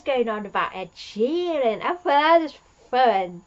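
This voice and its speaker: A woman's voice: a little high, expressive, a little slow, few pauses, lo-fi sound. A woman recapping an episode in a rambling, chatty way, laughing at her own jokes. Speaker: fan reviewer.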